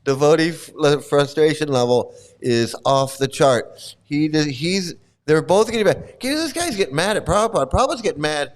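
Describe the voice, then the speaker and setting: A man's voice: a little high, expressive, moderate pace. A man giving mocking, sarcastic commentary, swearing freely and laughing often. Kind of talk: mocking commentary on an archival recording.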